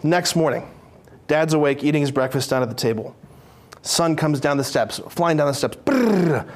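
A man preaching a lively sermon, playful and animated, acting out characters in his stories. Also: a little high, normal speed.

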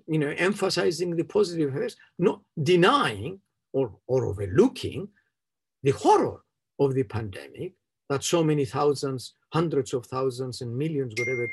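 A man reflects aloud in an interview, his voice a touch higher than most with a gravelly crackle. The tone is husky rather than clean. He hesitates often, circling back on phrases as he searches for what he means. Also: a little mellow. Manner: hesitant, searching for words with many restarts and short laughs. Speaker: interviewee speaking on trauma. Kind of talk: unscripted interview answer.

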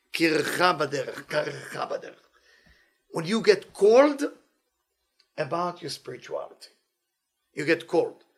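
Man, Torah teacher, husky voice, high pitch, playful, animated. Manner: animated, playful, non-native English phrasing. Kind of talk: weekly inspirational Torah talk.

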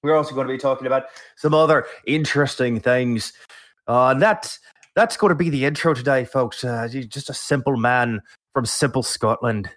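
A man's voice: mid-range voice, normal speed, a bit bright, natural voice. A man voicing a cheery male intro persona in a put-on Irish-sounding accent, sing-song and drawn out. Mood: jolly. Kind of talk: podcast intro.

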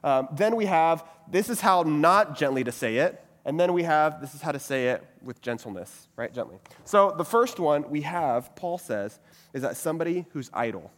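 In a hall with long reverb, a pastor gives a sermon-style lesson packed with rhetorical questions and a recurring catchphrase. He sounds animated, his voice a little high and his pace moderate.

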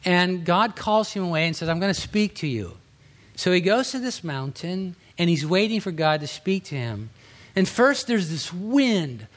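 High-voiced pastor preaching conversationally. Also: male voice, very animated, moderate pace. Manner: conversational preaching, acting out quotes with sudden rises and hushed drops. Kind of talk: sermon.

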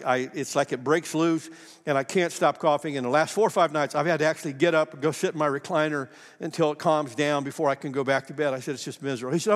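A middle-aged male pastor with a lingering cough, preaching in a folksy, self-deprecating way and acting out quoted dialogue in a church sanctuary. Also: fairly high pitch. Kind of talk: sermon with personal storytelling. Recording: long hall reverb.

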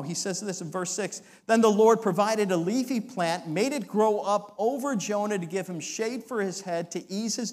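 Male pastor, high voice, dramatic sermon delivery with acted-out quotes.

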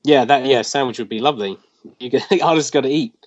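A man's voice: mid-range voice, quick pace, no echo. Twenty-something guy rambling through a story, dull lo-fi sound, dry. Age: 20s. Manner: rambling, animated retelling with filler words. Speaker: guest, comic artist. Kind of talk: casual storytelling interview.

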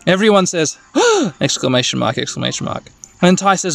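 A man talks through a video game in a soft bedtime manner, wandering off into wry little asides as he goes. His pitch moves about a lot. Faint music plays beneath him. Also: wildly swooping pitch, moderate pace, vocal fry. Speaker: let's play narrator.

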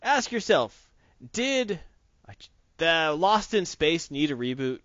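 A man's voice: fairly high pitch, very animated, slow, fairly bright tone, no echo, dull audio. A man co-hosting a casual podcast, joking and laughing often as he riffs on comics and movies. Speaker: podcast co-host.

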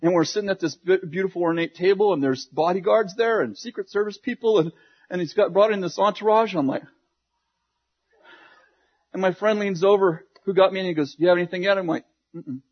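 A pastor with a high-sitting voice speaks fairly quickly, and the audio sounds dull. In his sermon storytelling, he tells a humorous, self-deprecating story full of restarts and quoted dialogue.

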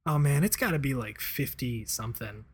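A man chatting casually as a podcast co-host, relaxed and rambling, with lots of fillers and laughter. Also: mid-range voice, brisk, breathy edge. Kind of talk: casual chat.

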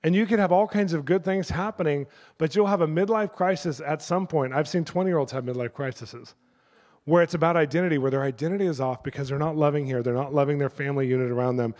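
A middle-aged male pastor preaching a sermon through lively personal stories, acting out the people in them. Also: fairly high pitch, quick pace, big-room sound. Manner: animated, acts out the people in his stories. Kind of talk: sermon storytelling.

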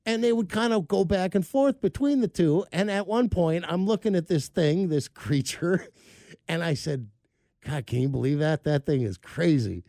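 A man's voice: on the high side, lively intonation, moderate pace, mellow, no echo, studio quality. A middle-aged man hosting a show, telling a rambling, self-mocking story in casual chat. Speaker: show host.

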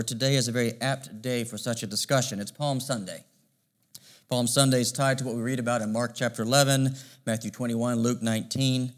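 A male pastor preaching a sermon, measured and emphatic, asking rhetorical questions. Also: mid-range voice.

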